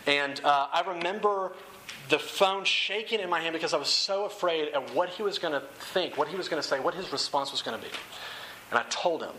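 Preaching to seated listeners in a chair-filled room, this young campus ministry speaker sounds earnest and conversational, often repeating himself. He talks briskly in a sharp, higher voice, and the low-quality recording has a little background noise.

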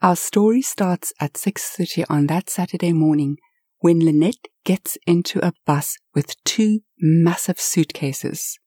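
A woman tells a story with lively, expressive swells. Her voice sits fairly low, with a dark, slightly husky tone. The sound is close and dry. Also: unhurried, no room sound. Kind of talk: told story narration.

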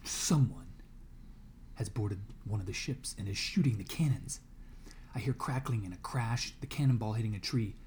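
A man's voice: lowish voice, normal speed, heavy background noise. A man reading a novel aloud to a class as a guest reader, dramatic and dropping to a whisper in tense moments.

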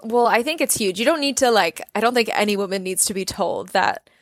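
A woman's voice: mid-range voice, lively intonation, brisk. A young woman talking earnestly and reflectively in a casual faith conversation, often saying "like" and "you know". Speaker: guest sharing her story.

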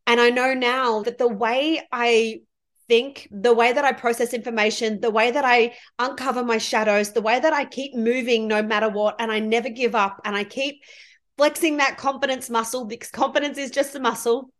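Woman coach doing a solo podcast, kinda high voice, gushing and heartfelt. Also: fairly even intonation, moderate pace. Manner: heartfelt, effusive, spiritual coaching talk. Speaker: podcast host and money mindset coach.

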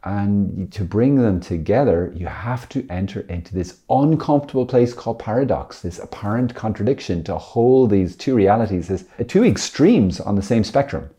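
Jokey low-voiced priest, man. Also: lively intonation, moderate pace, hardly any pauses, dark tone. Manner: jokey, self-deprecating, chatty. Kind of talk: casual teaching talk.

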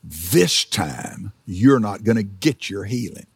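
A sly, menacing devil taunts in a low, gravelly voice, as a male preacher puts him on. The voice is husky and quiet, and it sits close and dry with no room sound. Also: expressive, slow, dry recording, exaggerated voice. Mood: taunting.

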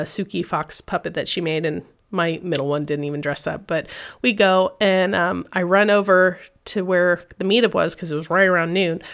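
Chatty woman podcaster telling stories. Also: vocal fry. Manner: chatty, acts out quoted voices with jumps in pitch. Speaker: podcast host. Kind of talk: casual storytelling monologue.

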